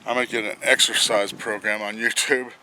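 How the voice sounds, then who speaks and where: A man's voice: fairly low pitch, flat delivery, a little fast, bright, forceful tone. A man casually rambling through a vlog outdoors beside his truck, chuckling and talking to himself as he works. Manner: rambling, chuckling, talks to himself while working. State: out of breath from bending over. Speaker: vlogger reviewing a truck job.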